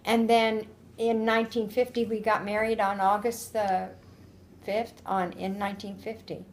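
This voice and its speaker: A woman's voice: mid-range voice, little pitch movement, measured pace, slight background noise. Older woman, oral history interviewee, rambling storyteller, laughs often. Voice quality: laughs often while telling stories. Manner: chatty, rambling with restarts and quoted dialogue.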